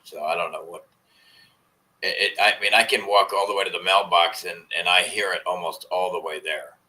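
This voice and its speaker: A man's voice: sits low, steady tone, normal speed, bright, forceful tone, rough recording. A man chatting casually with viewers on a live stream, rambling and swearing as he complains in frustration. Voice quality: profane, rambling. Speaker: vlogger.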